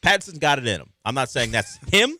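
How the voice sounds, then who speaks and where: A man co-hosting a sports talk radio show, talking in an animated, rambling way full of questions. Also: medium pitch, fast, dry recording, studio quality.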